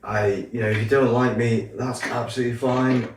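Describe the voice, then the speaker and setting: A man's voice: mid-range voice, flat delivery, fairly quick. A man from the Isle of Man hosting a podcast, talking in an easygoing, agreeable way with lots of fillers. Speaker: podcast host. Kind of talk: casual chat. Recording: echoey room, distant mic, faint noise.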